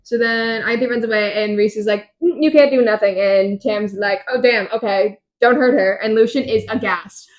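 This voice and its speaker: A young woman from Miami, co-hosting a podcast, retelling a book's chapters in an animated, jokey way. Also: mid-range voice, normal speed, hardly any pauses, lo-fi sound. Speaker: podcast co-host summarizing chapters. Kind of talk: casual chat.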